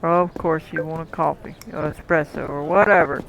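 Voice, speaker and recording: A man's voice: on the high side, steady tone, brisk, vocal fry, a bit bright, slight background noise, low-quality recording. A man casually commenting while playing a cooking game, talking to the customers and chuckling often. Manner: chatty, talks to the game's customers, chuckles often. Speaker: gameplay commentator.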